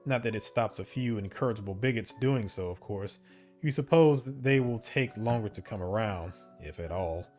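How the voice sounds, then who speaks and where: A man's voice: on the low side, normal speed, faint music behind. Man reading a text game aloud. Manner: steady storybook reading broken by casual asides and laughs at slips. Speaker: game streamer. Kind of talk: reading an interactive story game aloud with commentary.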